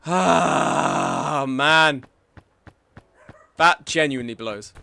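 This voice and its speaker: A man's voice: a little high, extremely slow, creaky, pushed and bright, no echo. Swearing, tilted young man streaming a game. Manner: frustrated, swearing, swings between muttering and outbursts. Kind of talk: live game stream commentary.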